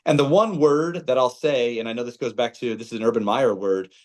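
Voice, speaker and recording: A man with a plain mid-range voice talks through the game as a former player would. He is animated and keeps circling back with fillers and repeated phrases. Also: medium pitch, brisk. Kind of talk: casual sports talk.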